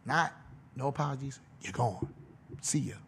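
A man putting on a low, curt voice as a stern, gruff older football coach. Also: normal speed. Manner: curt and threatening.

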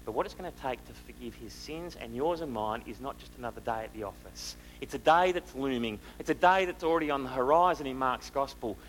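A man preaching a sermon, asking the listeners rhetorical questions and moving between loud and hushed delivery. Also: medium pitch, a little fast, hardly any pauses, a little hiss or hum, poor audio.

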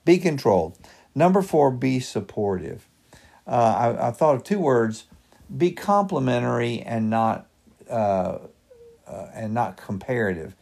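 A man's voice: medium pitch, big pitch swings, measured pace, creaky, a little mellow. A middle-aged man hosting a devotional podcast, giving earnest, practical advice point by point. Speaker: podcast host and pastor.

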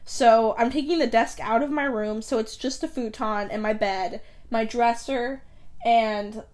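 A woman's voice: fairly high pitch, unhurried, a little mellow. A young woman hosting a casual solo podcast from her bedroom, rambling with lots of fillers, giggles and self-corrections. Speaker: podcast host.

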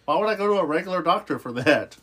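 A man's voice: a little high, lively intonation, fast, a bit bright, husky. A man in casual podcast chat, joking and rambling with many fillers.

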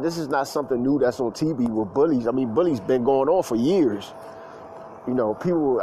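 A man's voice: mid-range voice, dark tone, a little hiss or hum, rough recording. A grown man telling stories in a casual monologue, with loose slangy talk full of fillers and repeats. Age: adult, past school age.

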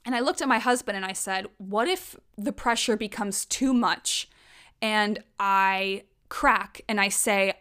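A woman's voice: mid-range voice, measured pace, a bit bright, clear, resonant tone. A woman in her thirties talking frankly and emotionally in a personal monologue, swearing casually.

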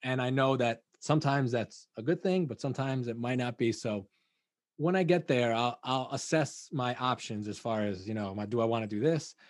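A man's voice: medium pitch, moderate pace, no room sound. Casting: man podcast host, rambling and hesitant, dry close sound. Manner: rambling, hesitant, many fillers. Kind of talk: casual chat.

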